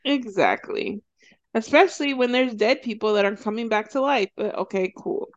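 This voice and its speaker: A woman co-hosting a podcast, casually recapping a TV show and acting out the characters' lines in quick, animated storytelling. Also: fairly high pitch, highs cut off. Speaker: podcast co-host.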